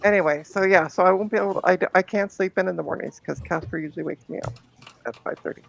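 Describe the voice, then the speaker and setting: A woman's voice: on the low side, quick pace, vocal fry, muffled recording, slight background noise. A woman chatting casually as a guest on a live stream. She talks in a rambling way and often cuts herself off mid-sentence. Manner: chatty, rambling, self-interrupting. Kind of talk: casual chat.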